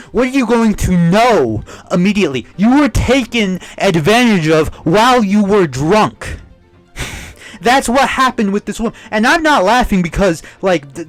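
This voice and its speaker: A young man giving angry commentary on an online scandal, ranting heatedly with swearing and lots of filler, with faint music under him. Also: fairly high pitch. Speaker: commentary YouTuber.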